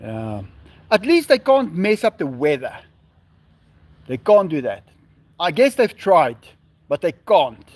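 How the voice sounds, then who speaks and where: A man chats slowly and easily on a live stream, reading out viewer comments and replying. His voice sits high, with a lively, rising and falling melody. He talks from outdoors at his home. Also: dry recording. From South Africa. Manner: reads viewer comments aloud and answers them. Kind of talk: casual live-stream chat.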